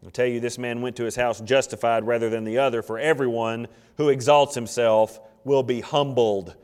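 A man's voice: mid-range voice, moderate pace, smooth, big-room sound. A man preaching a sermon, telling stories with humor and acting out little scenes. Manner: animated, jokey storytelling with acted asides. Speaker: pastor.

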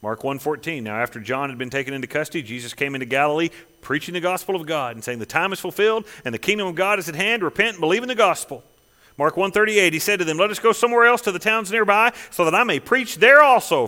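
A man's voice: fairly high pitch, lively intonation, fast, sharp tone, long reverb tail. A man preaching a sermon as a pastor, emphatic, with rhetorical questions and a repeating cadence.

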